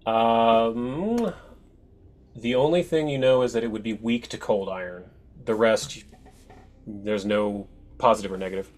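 A man's voice: on the low side, a little mellow. Man game master reacting to rolls. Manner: explains rules, quick reactive exclamations. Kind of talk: running an online tabletop game.

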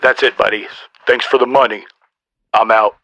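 A man's voice: fairly low pitch, steady tone, moderate pace, bright, forceful tone. A man voicing a boastful, snarky old male Santa Claus, roasting people in a mock-stern way for a comedy podcast sketch. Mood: teasing.

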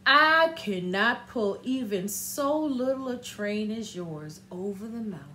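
A woman voicing an old, rusty, tired male steam engine that sighs and talks slowly and wearily. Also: medium pitch, expressive, sharp tone, slight background noise, voice pushed down. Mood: weary. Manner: sighing, slow and weary.

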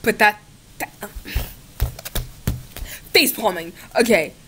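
A woman's voice: medium pitch, slow pace, a bit bright, slight background noise. A young woman making a casual video at her laptop, chatting with a chatbot in a sarcastic, giggly, mock-exasperated way and swearing often. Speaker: gaming video creator. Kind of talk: casual chat with a chatbot on camera. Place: home, at a laptop.

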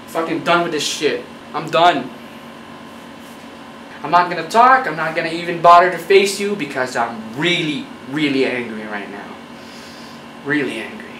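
A man's voice: a little high, a bit bright, roomy sound, recorded from a distance, a little hiss or hum, low-quality recording. A man doing a profane, mock-angry comedy rant straight at his viewers. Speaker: YouTube comedian.

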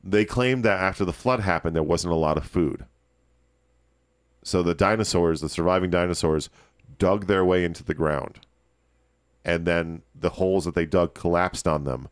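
A man hosting a podcast, giving animated, opinionated commentary with frequent restarts. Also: low-pitched, clear, resonant tone, dry recording, clean studio sound. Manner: animated, ranting, quick restarts. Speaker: podcast host.

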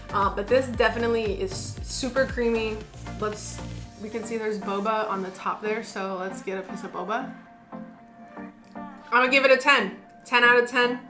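A young woman from the United States, gushing playfully while taste-testing in a casual vlog. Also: fairly high pitch. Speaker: food vlogger.

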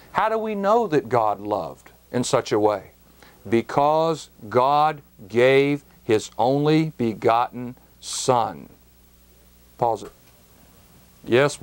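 A man teaching a Bible study in a measured, emphatic way, speaking straight to the listener. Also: mid-range voice. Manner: slow, measured, emphatic phrasing; addresses the listener directly.

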